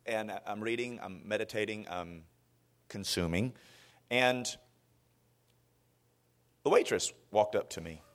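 A man from Florida preaching a sermon as a guest preacher, telling stories with lots of restarts. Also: on the low side. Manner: animated storytelling with frequent restarts.

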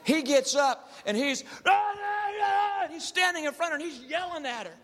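A man's voice: extremely high pitch, fast, long reverb tail, crowd noise. A man, a counselor, telling stories to a live audience and acting out the people in them. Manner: animated, acts out the people in his stories. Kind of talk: storytelling talk to a live audience.

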